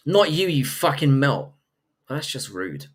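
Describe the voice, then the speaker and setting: A man hosting a casual live stream reads viewer messages aloud and fires back crude, profane jokes in banter with chat. His voice is medium-pitched and very animated, at a measured pace.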